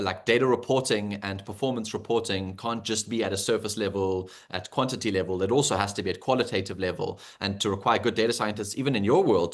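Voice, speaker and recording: A South African man moderating an online panel over a video call, chatty and rambling with fillers. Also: lowish voice. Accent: South African English.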